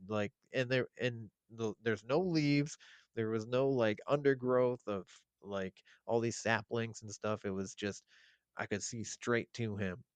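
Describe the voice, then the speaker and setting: A man as a podcast guest, telling an eerie story in a casual, animated, profane and rambling way. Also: mid-range voice, a little slow, clear, resonant tone, dry recording.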